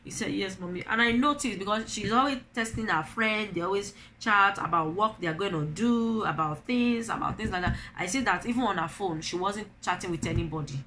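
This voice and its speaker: A woman's voice: medium pitch, fairly quick, hardly any pauses, pushed and bright, slight background noise. A middle-aged Nigerian woman and mother, talking to camera in an opinion vlog, telling stories animatedly and asking rhetorical questions. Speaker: vlogger, mother.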